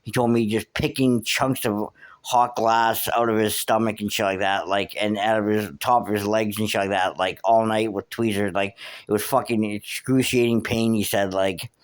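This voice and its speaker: A man's voice: lowish voice, steady tone, normal speed. A man hosting a podcast, telling a rambling street story with lots of swearing and fillers. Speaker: podcast host. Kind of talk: casual storytelling monologue.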